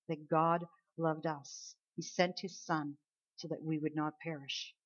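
A woman preaching a sermon, dropping to soft, low lines and then rising into loud, drawn-out emphasis. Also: highs cut off.

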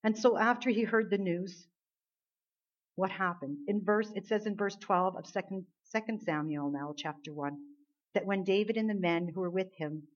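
Husky-voiced woman preaching earnestly. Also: medium pitch, moderate pace. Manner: earnest, emphatic retelling with rhetorical questions. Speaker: Bible teacher. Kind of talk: sermon. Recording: dull lo-fi recording.

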